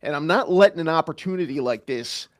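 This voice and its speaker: A man with a Canadian accent co-hosting a casual comedy podcast, rambling and deadpan, full of fillers and self-mockery. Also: on the high side, fairly quick. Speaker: podcast co-host.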